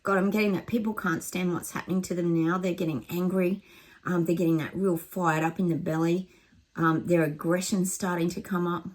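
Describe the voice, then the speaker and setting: A woman's voice: on the low side, fairly even intonation, brisk. A woman giving a rambling psychic reading to camera, with lots of ums and restarts.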